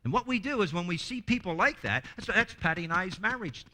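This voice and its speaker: A man presenting a workshop in a lively, humorous teaching talk who acts out quoted voices and often restarts his words. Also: high-pitched, fairly quick.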